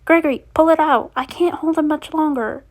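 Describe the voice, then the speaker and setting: A woman's voice: sits high, brisk, pitched above the performer's own voice, lightly acted. A woman voicing a strong, fierce female robot in a storybook reading. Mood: straining.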